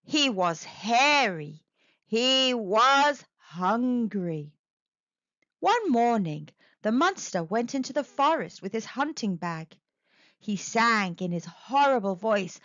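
A woman reads a children's picture book aloud as a storyteller, slowly and with big, animated swings in her voice. Her voice sits a little high. The recording is dry and slightly dull, like a lo-fi home mic. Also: dry recording. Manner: slow, expressive, very animated reading.

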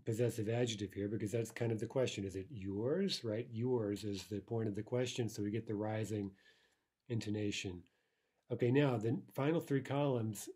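A man's voice: mid-range voice, dark tone. A man teaching a recorded language lesson, patiently explaining and drilling phrases, checking in with "right?".

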